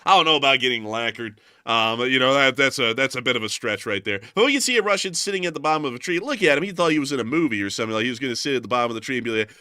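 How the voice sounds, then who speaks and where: A man giving casual war news commentary over clips, jokey with deadpan puns and broken-English asides. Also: mid-range voice, very fast, few pauses, dry recording, clean studio sound.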